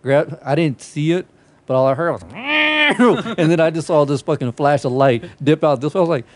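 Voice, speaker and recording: A man's voice: on the high side, big pitch swings, moderate pace, no room sound. A young man hosting a podcast, telling stories in a casual, profane way and often breaking into laughter. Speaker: podcast host. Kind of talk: casual chat.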